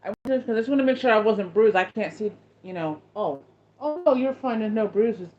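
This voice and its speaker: Chatting casually with viewers, this female host tells a rambling story, restarting again and again. She speaks fairly quickly in an animated, mid-range voice with a darkish tone, captured in dull lo-fi sound.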